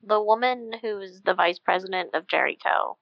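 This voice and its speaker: A woman's voice: medium pitch, normal speed, gravelly, dry recording. A woman co-hosting a podcast in casual chat, dropping dry teasing quips. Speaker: podcast co-host. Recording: slightly dull lo-fi sound.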